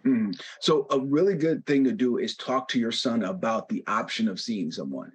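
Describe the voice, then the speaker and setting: Husky man giving calm therapy advice. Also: mid-range voice. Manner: calm, measured, advising. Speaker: therapist guest. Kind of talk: advice in an interview.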